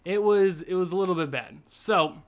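A young man hosting a casual gaming session, excitable, laughing often and trailing off mid-thought. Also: sits high, moderate pace. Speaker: host.

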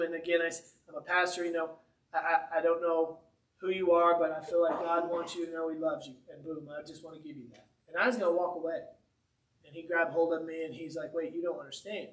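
A man, a pastor, telling a story in a sermon with an animated, conversational, humorous delivery in a church. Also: fairly high pitch, reverberant, far from the mic. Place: church sanctuary.

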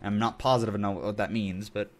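A man's voice: on the low side, steady tone, quick pace, a little hiss or hum. A young man hosting a casual game video, rambling and joking as he corrects himself mid-sentence. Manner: rambling, self-correcting, jokey. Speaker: gaming channel host.

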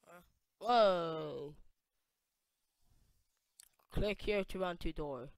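A let's play gamer giving casual gameplay commentary, excitable, reading on-screen text aloud and breaking into sudden loud yelps. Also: medium pitch, slow pace, clear, resonant tone, no echo, studio quality.

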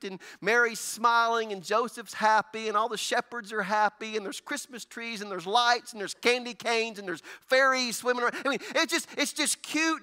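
A pastor preaches in a strikingly high, bright voice. He tells the story animatedly, slipping into the people he describes. His delivery is a lively, conversational sermon. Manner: animated storytelling, acting out characters.

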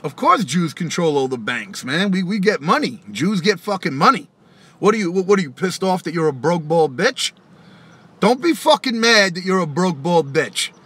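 A man's voice: high voice, sing-song, moderate pace, a bit bright, breathy edge. A man who raps, hosting a casual live stream and ranting back at viewers' comments, profane and taunting, laughing often. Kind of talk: casual live-stream rant answering chat.

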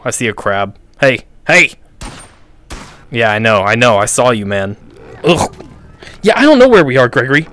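A young man giving playful, excitable commentary while playing a VR game. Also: medium pitch. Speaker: gaming YouTuber. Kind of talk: VR gameplay commentary.

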